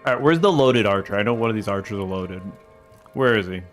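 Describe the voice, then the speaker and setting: A man's voice: lowish voice, animated, quick pace, soft background music. A man streaming a game, joking and laughing often as he talks to chat and scolds his game characters. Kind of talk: casual gameplay commentary.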